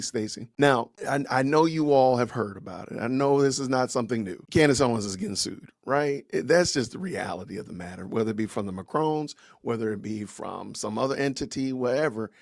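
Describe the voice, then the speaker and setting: With a mid-range voice touched by vocal fry, this podcast host opens a laid-back livestream, greeting the audience in upbeat, slangy terms before bringing in his guest. The audio is studio quality with no room sound.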